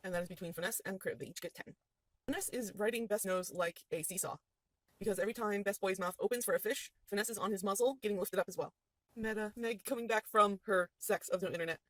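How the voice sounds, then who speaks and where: A woman's voice: mid-range voice, quick pace, a bit bright, dry recording, rough recording. A woman as game master, recapping a tabletop game session with playful storytelling.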